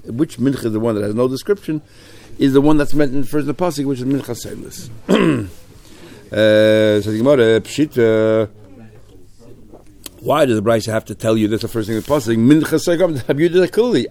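A man's voice: medium pitch, brisk, mellow. A man teaching a Talmud study class in English, peppered with Hebrew and Aramaic terms and questions to his students.

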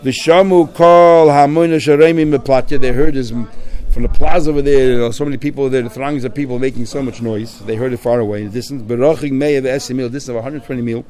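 A man's voice: mid-range voice, steady tone, quick pace, warm tone. Man teaching Talmud in English. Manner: mixes Hebrew and Aramaic phrases into English, repeats words. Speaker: Torah teacher. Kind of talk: Talmud class, reading and translating.

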